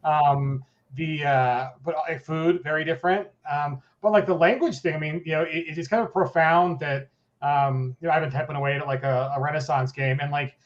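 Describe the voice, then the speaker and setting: A man from Colorado with a somewhat high voice, hosting a casual interview. He rambles, jokes, and keeps restarting his sentences. The audio is dull and lo-fi. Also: steady tone, normal speed. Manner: rambling, many fillers and restarts, joking. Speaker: host. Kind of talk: casual video chat interview.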